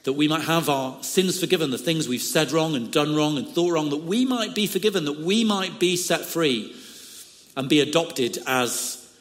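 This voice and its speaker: A man preaching a sermon with slow, emphatic phrasing and frequent "uh" fillers. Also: fairly high pitch, long reverb tail.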